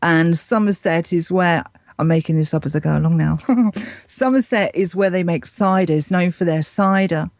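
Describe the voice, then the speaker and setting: A woman's voice: fairly low pitch, moderate pace, darkish tone, no echo, studio quality. A woman with an English accent, co-hosting a casual chat in a playful, teasing way. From England. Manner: playful, teasing, laughs easily. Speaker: co-host, correspondent.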